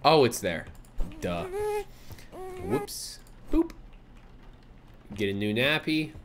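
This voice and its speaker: A young man narrating his let's play in a relaxed, unhurried way. His pitch swings widely as he jumps from calm muttering to startled yelps and swearing. Between scares he coos softly at the game's baby. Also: a crowd in the background. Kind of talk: casual gameplay commentary.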